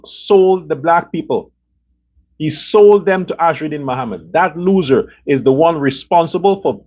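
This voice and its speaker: A man's voice: fairly high pitch, highs cut off. A man hosting a political commentary show, ranting in a heated, profane and repetitive way. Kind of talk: angry political rant.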